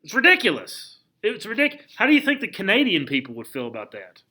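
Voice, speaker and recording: High, bright-voiced history teacher man. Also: slightly rough. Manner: animated, conversational, asks the class questions; acts out historical figures in quick asides. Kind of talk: classroom history lecture.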